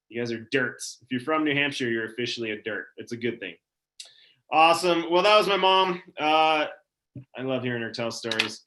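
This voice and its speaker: Chill upbeat guy hosting a live stream, bright voice, reads comments. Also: on the high side. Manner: upbeat, casual, reading out audience comments. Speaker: event host.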